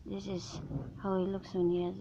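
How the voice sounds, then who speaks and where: A young Filipino woman with a Filipino accent chatting excitedly and giggling through a casual travel vlog at an outdoor resort, filmed on a handheld camera. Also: mid-range voice, moderate pace, muffled recording, crowd noise. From Philippines. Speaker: vlogger. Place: outdoor resort, partly on a cable car. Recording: noisy outdoor recording.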